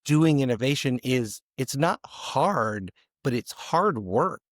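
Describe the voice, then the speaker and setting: A man guest on a podcast, his voice a little raspy today, speaking in a measured, deliberate way. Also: mid-range voice, expressive, no room sound, studio quality. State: slightly raspy voice. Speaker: guest, educator. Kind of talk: conversational interview.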